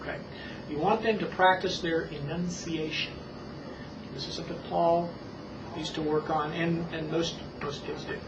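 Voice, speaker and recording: A reading instructor demonstrates a lesson, coaching a small child with slow, exaggerated words and calm repetition. The voice sits at a middle pitch and comes from far off in an echoey room. The tape is dull and hissy. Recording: echoey, distant, muffled old tape with hiss.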